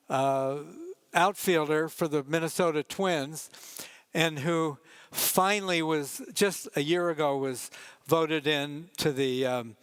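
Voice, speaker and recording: An older man giving a conference talk as a photojournalist, telling wry, relaxed anecdotes about his pictures with asides to the audience. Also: on the high side, clear, resonant tone, no echo.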